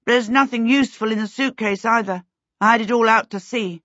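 A woman's voice: on the high side, a little fast, a bit bright, no echo, dull audio, voice pushed up. A woman voicing a harassed young boy who chatters eagerly.

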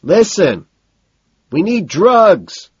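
A man voicing a frantic young male Wall Street yuppie who shouts over loud club music. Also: sits high, sing-song, extremely slow, slightly rough, dry recording, highs cut off, pitched above the performer's own voice, full character voice. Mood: frantic shouting.

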